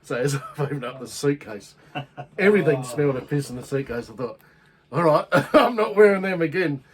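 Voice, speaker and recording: A man's voice: a little high, animated, brisk, poor audio. A man with an Australian accent, telling crude, laughing anecdotes in a casual chat.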